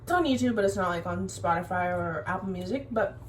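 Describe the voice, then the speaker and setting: A woman's voice: fairly low pitch, a little fast, slight background noise, poor audio. Chatty young woman, casual cooking chat. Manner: chatty, animated storyteller. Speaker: youth ministry leader.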